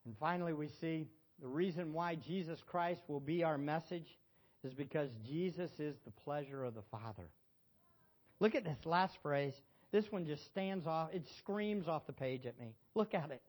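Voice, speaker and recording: A middle-aged man preaching a sermon in a church, swinging between loud exhortation and hushed emotion and asking the congregation questions. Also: fairly high pitch, normal speed. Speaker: pastor.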